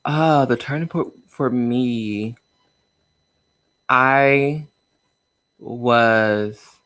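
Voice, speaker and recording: A man's voice: medium pitch, extremely slow, a bit bright, no room sound. A young man speaking as a guest, telling a personal story openly and with feeling, with lots of fillers and nervous laughs. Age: young adult. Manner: open and emotional, with frequent fillers and nervous laughs. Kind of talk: candid personal conversation. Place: inside a car.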